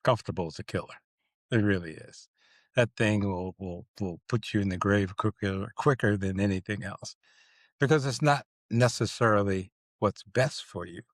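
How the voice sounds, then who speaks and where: A man with a low voice co-hosts a relaxed podcast chat. He is playful and animated and stretches out words to stress them. The sound is close and dry. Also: dry recording. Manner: animated, playful, drawn-out emphasis. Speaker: podcast co-host. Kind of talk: casual chat.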